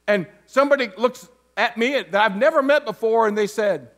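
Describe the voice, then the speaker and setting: High-voiced man preaching a casual sermon. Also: moderate pace, a bit bright. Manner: conversational, with joking asides; restarts and stumbles over words. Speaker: interim pastor.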